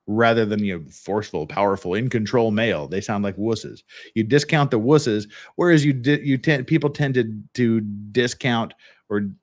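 Blunt, opinionated male podcast host. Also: medium pitch. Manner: blunt, opinionated, frequent restarts. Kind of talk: casual commentary on trial footage.

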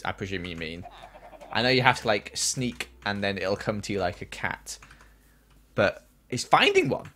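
A man's voice: mid-range voice, sharp tone. A young man streaming a game, chatting casually and answering chat questions from a small room at home. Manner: chatty, reads chat aloud and answers while playing.

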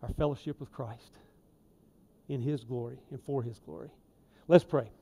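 Folksy preaching man, mellow voice. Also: mid-range voice, fairly even intonation, normal speed, breathy edge. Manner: folksy, conversational preaching with asides; emphatic, swinging loudness. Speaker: lay preacher. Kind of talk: sermon. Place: church sanctuary.

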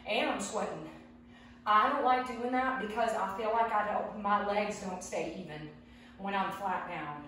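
A woman's voice: medium pitch, a little slow, a bit bright, a little hiss or hum. A woman chatting casually while she leads a home workout, out of breath as she exercises. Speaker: fitness vlogger. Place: home room. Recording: very echoey room from far off.

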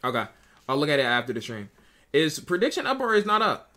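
A man's voice: a little high, sing-song, fast talker, sharp tone. Profane, repetitive young male streamer. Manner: profane, repetitive, talks to chat. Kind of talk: casual live-stream commentary.

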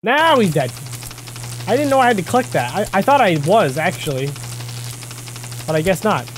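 A man hosting a gaming channel, giving excitable let's-play commentary into a desk microphone, yelping and shouting at surprises. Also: sits high, moderate pace, a little hiss or hum.

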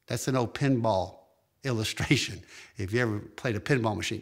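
Emphatic preaching pastor, man. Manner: emphatic preaching with big pitch jumps and drawn-out phrases. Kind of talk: sermon.

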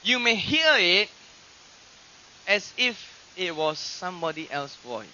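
A man preaching a sermon, teaching from scripture and acting out quoted voices with animated emphasis. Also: high-pitched, slow, slight background noise. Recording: dull lo-fi archive recording.

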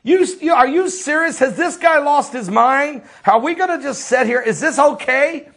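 A fiery preacher with a strikingly high male voice hammers out one rhetorical question after another. His commentary is impassioned and repetitive, and at times it swells into shouting. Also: normal speed.

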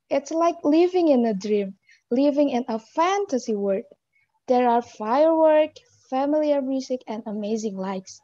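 A woman's voice: sits high, animated, a little slow, mellow, dry recording. A woman learning English reads out a prepared answer in an earnest, dreamy way. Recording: dull lo-fi recording.

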